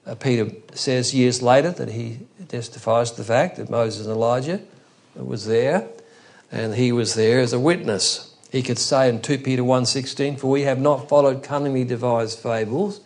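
Male preacher, gravelly edge, mid-pitched, conversational Bible teaching with frequent quotations. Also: normal speed, darkish tone. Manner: thoughtful, conversational teaching with frequent scripture quotes.

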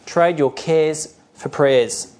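A man's voice: a little high, very slow, a little mellow, a little hiss or hum. A middle-aged male pastor preaching a sermon earnestly, sometimes acting out the voices he quotes.

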